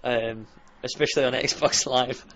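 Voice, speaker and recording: A man's voice: medium pitch, steady tone, a little slow, fairly bright tone, a little hiss or hum. A man with a broad Yorkshire accent, a podcast guest in casual chat, talking freely and laughing often. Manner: chatty, laughs often, mimics voices. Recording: dull lo-fi audio with faint ambience.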